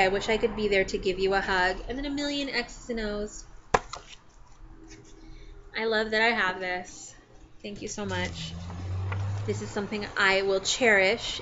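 A young woman talks straight to the camera with a bright, ringing voice. Her manner is chatty and tender, a personal message meant for her family. The home recording sounds a little dull, with faint background noise. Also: medium pitch. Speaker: vlogger.

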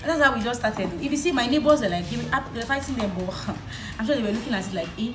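A young Nigerian woman with a Nigerian accent, vlogging in a casual chat while she does her makeup, telling a story in an animated way. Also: on the high side, quick pace, echoey room, over music, rough recording. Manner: animated storytelling, switching between English and Yoruba.

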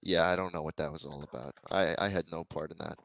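A man with a New York accent chatting casually while gaming, brash, profane and full of deadpan teasing. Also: extremely low pitch, fast talker, creaky, no echo, poor audio. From United States. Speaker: streamer.

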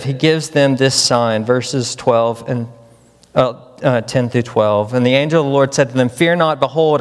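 Preaching man in a reverberant chapel. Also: on the high side. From Memphis, Tennessee. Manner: dramatic, with many rhetorical questions. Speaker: pastor. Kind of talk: chapel sermon. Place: large chapel hall. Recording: long hall reverb.

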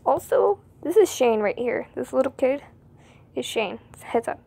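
A woman's voice: fairly high pitch, moderate pace, creaky, mellow, husky. A woman chatting informally between scenes as she reads out a comic. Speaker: comic dub reader. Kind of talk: casual narration.

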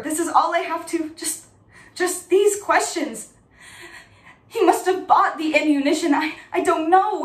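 A woman playing a defensive middle-aged mother who answers questions haltingly and repeats herself, in an audition monologue. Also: very high voice. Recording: echoey room, mic at a distance.

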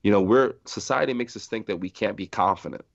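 A middle-aged man from New Jersey, a podcast guest telling stories in a lively way, acting out the people he quotes. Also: on the low side, fast, vocal fry. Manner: animated storyteller acting out quoted voices, laughing often. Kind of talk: storytelling in a podcast interview. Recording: dry muffled sound.

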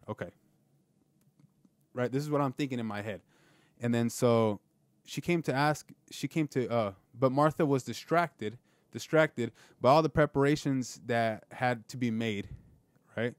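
An earnest man talks through his thoughts on a podcast, rambling and restarting, often tossing in "right?". His voice sits at an ordinary pitch for a man. The sound is very dry, with no room echo. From Southern California. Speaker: podcast host. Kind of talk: casual reflective monologue.

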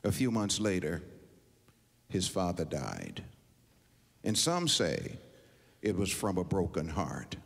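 Slow, husky preacher telling a story. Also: male voice, sits low, huge pitch swings. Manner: dramatic, with deliberate pauses. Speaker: university president preaching. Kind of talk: sermon storytelling. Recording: long hall reverb.

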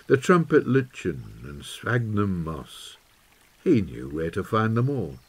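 A man reading a storybook aloud as narrator, calm and measured. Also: fairly low pitch. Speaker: audiobook reader. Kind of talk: scripted narration.

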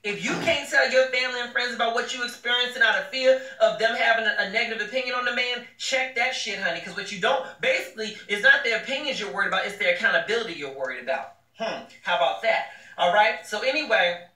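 A blunt, emphatic woman talks with preachy conviction, calling her listeners "baby" and "honey." Her voice is bright and sharp. She sits back from the microphone in an echoey room. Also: a little high, quick pace, hardly any pauses, distant mic. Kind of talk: casual advice talk.

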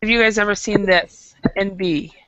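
A woman's voice: mid-range voice, fairly even intonation, normal speed, a bit bright, no echo, muffled recording. A woman teaching an English class, patient and explaining with frequent restarts. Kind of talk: classroom lesson.

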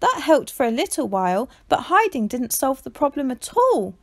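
A woman's voice: very high-pitched, animated, moderate pace, darkish tone, voice pushed up. A woman voicing a frightened young female tortoise who speaks in a wavering, wailing voice.

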